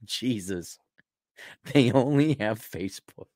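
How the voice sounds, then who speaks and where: Male host, profane mocking rant, mid-pitch voice, dead-dry recording. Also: lively intonation, slow, a little mellow, no room sound. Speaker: podcast host. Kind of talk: ranting commentary.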